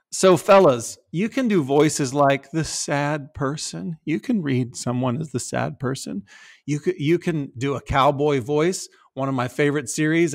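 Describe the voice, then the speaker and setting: A middle-aged man talking on a podcast in a lively, casual way, laughing often and slipping into silly voices. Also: fairly high pitch. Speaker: podcast host.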